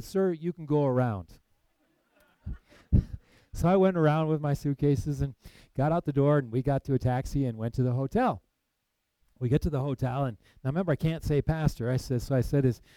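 Preacher, male, mellow dry voice, animated storyteller who drops to a hush. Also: on the high side, no room sound, low-quality recording. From United States. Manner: animated storytelling, acts out quoted voices, then hushed and solemn. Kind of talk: sermon storytelling.

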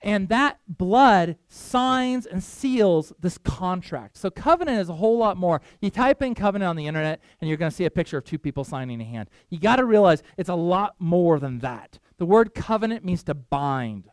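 Animated high-voiced man preaching. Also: normal speed, hardly any pauses, clean tone, no room sound. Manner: animated storytelling with loose asides to the congregation. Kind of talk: sermon.

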